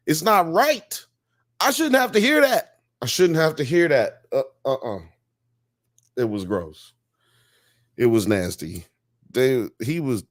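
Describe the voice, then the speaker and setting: A man hosting a live-stream show, chatting casually in an animated, slangy, joking way. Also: medium pitch, measured pace, dry recording, studio quality. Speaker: podcast host.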